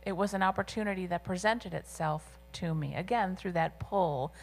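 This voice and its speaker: A woman interpreting a deaf guest's signed answers aloud in an interview, with a measured and slightly halting delivery. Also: lowish voice.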